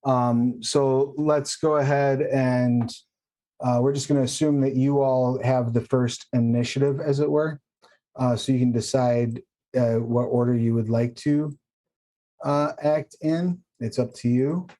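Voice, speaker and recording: A man acting as game master of a tabletop game, explaining rules and options patiently and in a measured way. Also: medium pitch, fairly even intonation, mellow. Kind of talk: running a tabletop game online.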